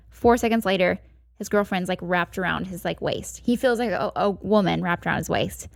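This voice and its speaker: A woman's voice: medium pitch, a little fast, creaky, no echo, studio quality. A woman guest on a podcast, casually retelling a story with lots of "like" fillers and swearing. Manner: heavy "like" fillers and frequent swearing.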